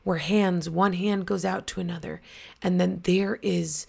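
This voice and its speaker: A woman's voice: on the low side, steady tone, measured pace, vocal fry, a little mellow, husky. A woman podcast host reading a first-person story aloud and then reflecting on it earnestly.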